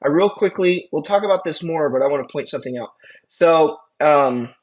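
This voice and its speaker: An instructor lectures an EMT class in a relaxed, conversational way, with a voice of ordinary middle pitch. The delivery wanders into asides and keeps checking in with the listeners, and the speech is full of restarts. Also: moderate pace. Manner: casual, chatty, checks in with listeners.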